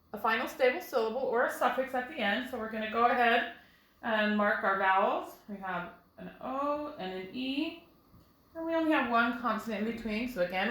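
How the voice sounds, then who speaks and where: A woman teaching a phonics lesson to first graders at a whiteboard, explaining slowly and clearly with patience. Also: fairly high pitch, expressive, pushed and bright, roomy sound, poor audio. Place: classroom with a whiteboard.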